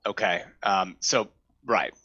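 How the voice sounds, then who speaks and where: Brief: male improviser as rambling old-hand wand shop worker, bright tense tone, dull call audio. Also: lowish voice, slow, dry recording, pitched below the performer's own voice, full character voice. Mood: weary lecturing. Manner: rambling, world-weary, lecturing a newcomer. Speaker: improv performer. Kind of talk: improvised comedy scene.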